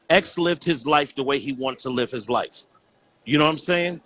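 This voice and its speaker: Earnest man, bright forceful voice. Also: medium pitch, normal speed. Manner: earnest, repeats "you know what I'm saying". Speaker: guest. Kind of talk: casual call conversation.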